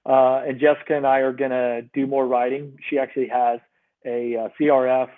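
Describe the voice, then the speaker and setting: A middle-aged man, a podcast guest, talking in a relaxed, rambling way with many fillers. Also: medium pitch, a little fast. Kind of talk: casual conversation. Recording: tinny phone-like line.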